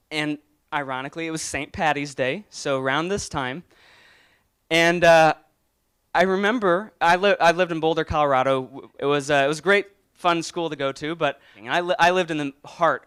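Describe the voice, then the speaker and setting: A man's voice: fairly high pitch, fairly bright tone, clear, resonant tone. A young adult man giving an earnest motivational talk, often restarting his words and growing emotional. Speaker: motivational speaker.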